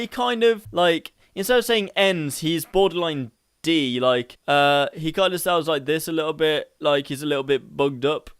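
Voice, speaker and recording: A man hosting a casual singing tutorial, energetic and rambling, often laughing at himself. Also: high-pitched, smooth.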